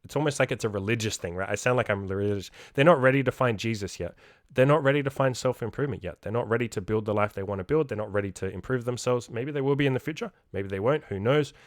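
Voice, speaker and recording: A man's voice: medium pitch, quick pace, no room sound, studio quality. A young man coaching in a podcast monologue, blunt and emphatic, swearing freely. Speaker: self-improvement coach.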